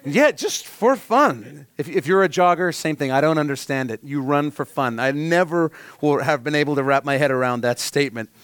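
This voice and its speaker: A man in his thirties preaching a sermon, earnest and heartfelt, telling a personal story and dropping softly at emotional moments. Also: fairly high pitch, brisk, few pauses, clear, resonant tone, dry recording. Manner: earnest, heartfelt storytelling with sudden soft drops. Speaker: pastor.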